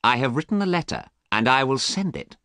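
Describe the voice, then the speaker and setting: A man's voice: medium pitch, sing-song, brisk, pushed and bright, no echo, studio quality, voice pushed up. A man voicing a desperate young man who turns cold and threatening, in an urgent, pressing way.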